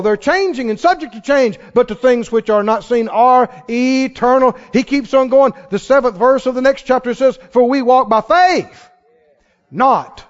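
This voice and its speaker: A man preaching a sermon with emphatic delivery, calling on the congregation to respond. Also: extremely high pitch. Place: church sanctuary. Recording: dull sound in a large reverberant hall.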